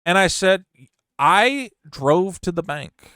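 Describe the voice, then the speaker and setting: A man's voice: high voice, slow, smooth, no room sound, clean studio sound. Frank, self-mocking middle-aged man. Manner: animated, frank, self-mocking, with frequent restarts. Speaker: channel host. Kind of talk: casual storytelling monologue.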